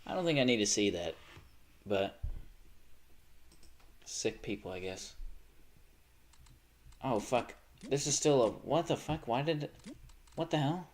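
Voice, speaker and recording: A man streaming live, commenting on his own game, swearing and bursting into panic between low, self-critical mutters. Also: takes it slowly, long pauses, darkish tone.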